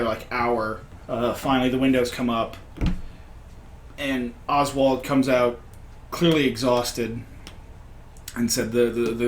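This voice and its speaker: A man's voice: medium pitch, a little hiss or hum. Rambling man running a tabletop game. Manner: rambling, many fillers and restarts. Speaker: game master. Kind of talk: casual recap of a tabletop game.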